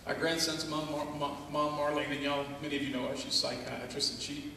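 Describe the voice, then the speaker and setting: Older preacher guy, highish voice, slow and animated, far off mic in a big echoey church, noisy. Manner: animated storytelling, acting out voices and chuckling. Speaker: pastor. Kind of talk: sermon. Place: church sanctuary. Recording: echoey hall from far off with background noise.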